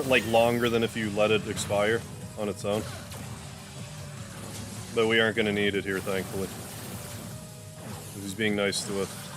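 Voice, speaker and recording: A man hosting a gaming livestream, chatting loosely while playing and cooing softly at his cat. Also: mid-range voice, background noise. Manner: rambling, loose, full of "like"; softens to a coo when talking to his cat. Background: game music.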